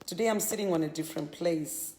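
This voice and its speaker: A woman's voice: on the low side, brisk, very noisy. A woman hosting a live stream from her home, greeting viewers by name one after another and often repeating herself while setting up. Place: home living area set up as a studio.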